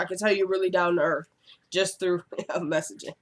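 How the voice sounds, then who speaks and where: A woman casually recapping a TV episode for her channel, chatty and digressive, getting animated when she gives her opinions. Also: on the low side, moderate pace. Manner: chatty and digressive, often says "you know what I'm saying".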